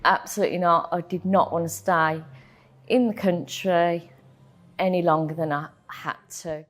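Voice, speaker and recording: Slow, halting woman recounting an ordeal. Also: on the low side, fairly even intonation. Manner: emotional, halting storytelling with frequent ums and repeats. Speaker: interviewee telling her own story. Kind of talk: personal testimony in an interview.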